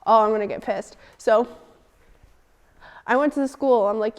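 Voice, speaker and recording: A teenage girl telling a personal story in an interview, animated and indignant, acting out the dialogue. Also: a little high, normal speed, long pauses, clear, resonant tone. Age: teens. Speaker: student interviewee.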